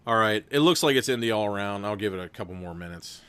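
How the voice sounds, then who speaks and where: With a lowish, expressive, fairly bright voice, he talks fast, and the sound is clean. He's a young streamer narrating a chat-voted gamebook live, keeping it casual with frequent laughter and the occasional swear.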